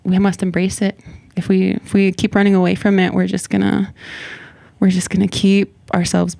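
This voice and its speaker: A woman in her twenties, a guest artist talking over her path in a relaxed interview, thoughtful and quick to laugh, her speech full of "like". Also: mid-range voice, creaky, no echo. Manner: reflective, laughs often, many "like" fillers. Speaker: guest hip-hop artist. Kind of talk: casual interview conversation. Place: radio station interview studio.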